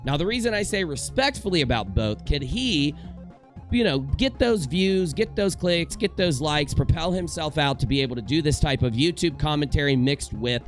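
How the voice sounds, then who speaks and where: A man's voice: on the high side, lively intonation, normal speed, soft background music. A young man giving a casual commentary rant from home in front of a green screen, joking and rambling with self-mocking asides. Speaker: commentary YouTuber.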